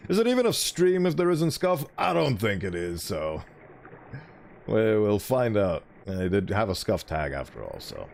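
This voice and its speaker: A man's voice: on the low side, very animated, normal speed, creaky, background noise. A man streaming a game, chatting casually and playfully and laughing often. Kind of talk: casual game commentary with voiced dialogue.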